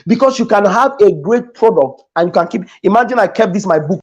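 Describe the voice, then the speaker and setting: A man with a Nigerian English accent speaks in a fairly high voice for a man, coaching a studio audience about money and selling. His delivery is emphatic and preacher-like, and he hammers his main points home by repeating them. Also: animated, fast, hardly any pauses, breathy edge. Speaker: guest speaker, business coach. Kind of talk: motivational talk in a studio interview. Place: podcast studio.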